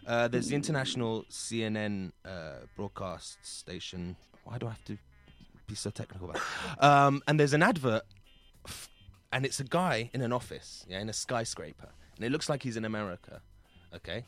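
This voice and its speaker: Lively joking male podcast host. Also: fairly low pitch, moderate pace, soft background music. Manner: playful, teasing, fond of doing voices. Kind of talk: comedy podcast banter. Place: studio.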